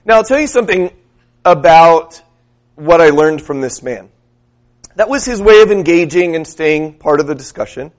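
Man preaching in a slightly high voice. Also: expressive, normal speed. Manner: conversational storytelling with questions to the congregation. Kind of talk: sermon.

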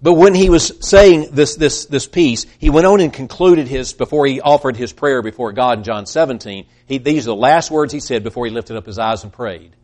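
A man preaching a sermon, earnest, rising to emphatic peaks and then trailing off quietly, acting out quoted voices as he goes. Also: mid-range voice, moderate pace, few pauses.

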